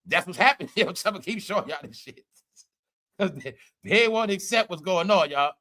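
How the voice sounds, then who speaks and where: High, bright-voiced man ranting on a livestream. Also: animated, moderate pace. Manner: loud, laughing, profane, repeats "all right?". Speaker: commentary livestream host. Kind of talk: casual livestream commentary.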